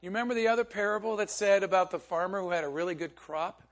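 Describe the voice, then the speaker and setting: High-voiced man preaching a casual sermon. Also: quick pace. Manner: conversational, asks the congregation questions, laughs often.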